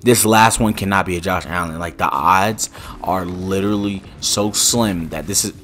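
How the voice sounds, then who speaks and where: A man's voice: low-pitched, normal speed, a bit bright. A young man commenting on a game pack opening, rambling and joking, with slang and exasperated outbursts. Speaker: gaming YouTuber.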